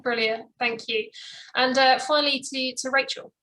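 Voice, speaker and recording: A woman moderating a panel discussion, encouraging and steady in her delivery. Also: high voice, moderate pace, poor audio.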